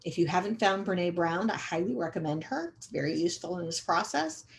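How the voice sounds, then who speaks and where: Woman, middle-aged, lowish voice, training lecture, conversational, repeats for emphasis, frequent um fillers. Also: lively intonation, fairly quick, vocal fry. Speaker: autism education trainer. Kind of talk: recorded training webinar lecture.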